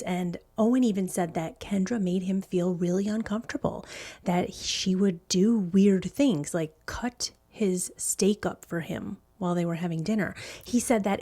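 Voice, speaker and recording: A woman's voice: medium pitch, dark tone. A middle-aged woman hosting a podcast, telling a true-crime story in a casual, blunt and indignant way, swearing freely. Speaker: podcast host.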